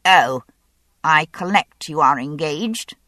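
A woman's voice: sing-song, measured pace, a bit bright, no room sound, exaggerated voice. Querulous old admiral, a woman reading. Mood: fussy. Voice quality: high, querulous. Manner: pompous, hoarse-whispering. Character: older male admiral, querulous and fussy. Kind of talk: audiobook character voice.

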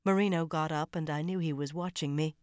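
A woman's voice: low voice, fairly even intonation, brisk, dry recording, studio quality. A woman narrating a first-person audiobook thriller in a tense, dramatic storytelling manner.

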